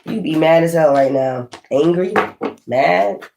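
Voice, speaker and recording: Profane, animated male tarot reader. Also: a little high, measured pace, background noise. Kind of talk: casual tarot reading.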